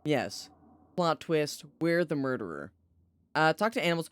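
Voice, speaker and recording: A tired streamer chatting casually while playing a story game, animated and joking, with some swearing. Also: mid-range voice, measured pace, clear, resonant tone. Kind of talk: casual let's-play commentary, reading game text aloud.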